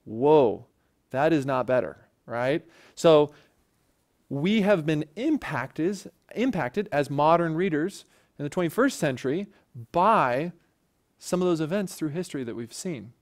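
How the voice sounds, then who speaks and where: A man's voice: on the high side, expressive, unhurried. A man teaching a Bible lesson for a church in a conversational way, often checking in with the listeners.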